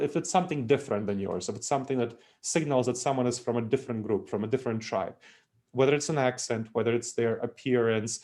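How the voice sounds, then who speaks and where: A man's voice: mid-range voice, a little mellow. Man with a Russian accent lecturing. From Moldova. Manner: repetitive, emphatic explanatory delivery. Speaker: speaker, trainer. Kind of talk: presentation to business leaders.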